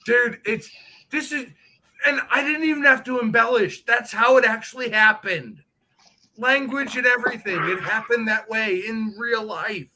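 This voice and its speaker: Man, high voice, very bright tone, profane joker, casual live chat. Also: moderate pace, slight background noise, poor audio. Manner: profane, joking storyteller. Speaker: guest on a motorcycle live stream.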